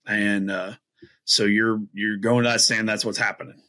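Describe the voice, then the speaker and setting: Low, bright-voiced man telling hunting stories. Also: normal speed. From Midwest US. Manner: rambling, many fillers and restarts; animated, acts out quoted voices. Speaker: podcast guest, bowhunter. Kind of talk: casual storytelling.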